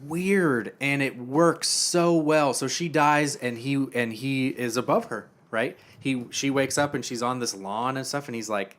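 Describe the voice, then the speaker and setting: A young man co-hosting a podcast, casually retelling a TV episode and acting out the characters' lines in quiet quoted voices. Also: mid-range voice, a little slow, few pauses. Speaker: podcast co-host.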